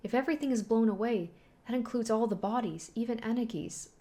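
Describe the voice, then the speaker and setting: A woman's voice: a little high, fairly quick, mellow, pitched above the performer's own voice, close to an everyday voice. Woman reading a distraught young man. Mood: alarmed. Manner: anxious and pleading.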